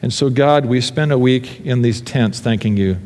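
A man preaching a sermon as a pastor, earnest, building to fervent emphasis and falling to soft pleas. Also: mid-range voice, moderate pace, long reverb tail.

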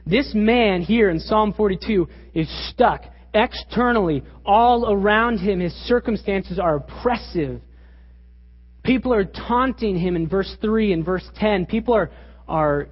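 A man with a high, husky voice preaches a sermon, driving his points home with emphatic rhetorical questions. His voice rings with a long hall reverb, and the recording sounds dull and lo-fi. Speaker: pastor.

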